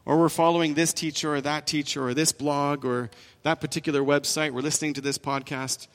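A man's voice: fairly high pitch, level tone, fairly quick, long reverb tail. A man preaching a sermon as pastor, in an earnest, repetitive way with frequent restarts.

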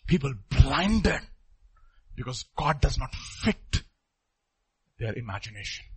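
A middle-aged man preaching a sermon, emphatic, repeating phrases and swinging between loud and soft. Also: mid-range voice, sing-song, slow pace, slightly rough, poor audio.

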